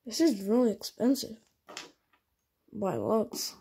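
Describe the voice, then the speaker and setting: A woman's voice: fairly high pitch, very animated, slow pace, very noisy. A woman voicing toy figures in a playful stop-motion play, switching between characters in dialogue.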